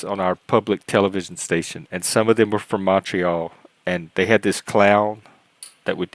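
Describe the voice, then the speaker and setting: Low-voiced Cajun man rambling. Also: no room sound, poor audio. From South Louisiana. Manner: rambling, halting, storytelling. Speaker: host of a panel discussion. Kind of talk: casual chat.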